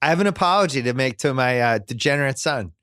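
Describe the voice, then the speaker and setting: Middle-aged male host, mid-pitch, bantering about parenting with wry exasperation. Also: lively intonation, quick pace, fairly bright tone, dry recording, studio quality. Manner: joking, exasperated parent stories. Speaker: podcast host. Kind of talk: casual chat.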